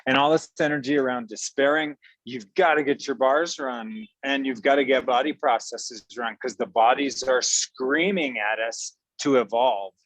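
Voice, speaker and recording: A man coaching a group on a call, blunt and irreverent, pausing for an interpreter. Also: mid-range voice, fairly bright tone, no room sound, low-quality recording. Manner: blunt and irreverent, with sudden jokes. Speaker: facilitator speaking through an interpreter. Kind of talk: casual spoken coaching on a call.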